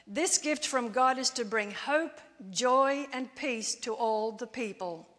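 A woman preaching a sermon in a church, in a measured storytelling way. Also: on the high side, a bit bright. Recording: long church-hall reverb.

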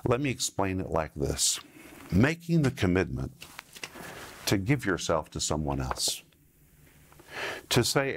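Man preaching with slow deliberate emphasis. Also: sits low, big pitch swings, husky. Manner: slow deliberate emphasis, explaining Greek words. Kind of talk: sermon teaching.

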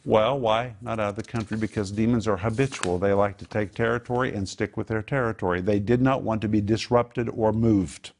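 A man preaching a sermon in an animated, emphatic way, posing rhetorical questions and answering them himself. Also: lowish voice, brisk, hardly any pauses.

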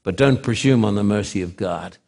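A man with a lowish, gravelly voice gives a sermon in slow, deliberate, repetitive phrases. He swings back and forth between loud emphasis and hushed drops.

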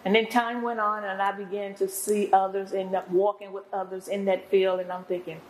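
A woman's voice: mid-range voice, little pitch movement, normal speed, few pauses, slight background noise, rough recording. An older woman, a guest apostle and pastor, telling her testimony in an interview in an earnest, preacherly way.

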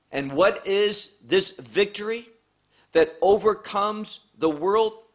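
A man teaching through a Bible chapter verse by verse, slow and deliberate, repeating key phrases for emphasis. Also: high-pitched.

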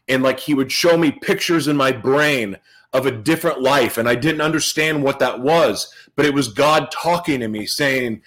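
A man's voice: medium pitch, moderate pace, a bit bright, poor audio. Earnest man telling his own story. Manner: earnest and emotional, with heavy repetition for emphasis. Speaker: motivational speaker sharing his life story. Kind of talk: personal testimony speech to an audience.

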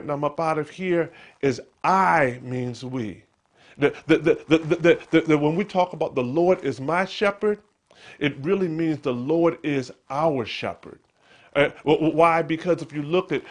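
Stammering, fervent male preacher. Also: fairly high pitch. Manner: stammering restarts, rising to emphatic preaching; quotes scripture in a hushed, slow whisper. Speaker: pastor. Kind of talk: sermon.

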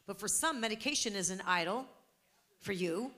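Brief: middle-aged woman pastor, fervent sermon delivery, mid-pitched voice that climbs when she presses a point. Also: expressive, brisk, sharp tone. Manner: preaching with rising, emphatic intensity.

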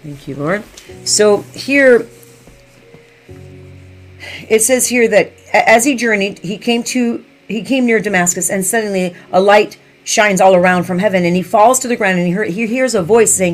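A woman's voice: medium pitch, normal speed, soft background music. A woman preaching a sermon, repeating key phrases and checking in with her listeners.

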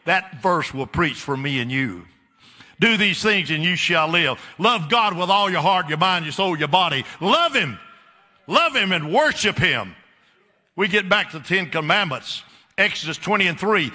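A man's voice: high-pitched, lively intonation, normal speed, sharp tone. A man preaching a sermon in a church, emphatic and repetitive, turning often to question the congregation. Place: church sanctuary. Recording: echoey church hall.

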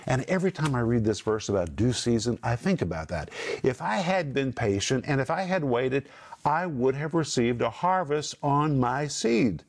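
A middle-aged man teaching from the Bible on a talk program, emphatic and repeating key phrases with slow stress. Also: mid-range voice, animated.

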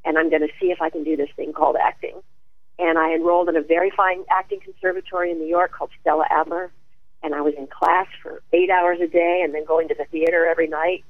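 A woman tells her own story as an interview guest, animated and quick to laugh. Her voice comes through a thin, phone-like line. The sound is dry and close, with no room echo. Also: fairly low pitch. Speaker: guest, actress and speaker.

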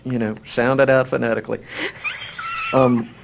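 Wry Southern man, halting, self-mocking. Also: mid-range voice, little pitch movement, creaky, heavy background noise. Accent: Southern American. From American South. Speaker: co-host. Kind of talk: casual chat.

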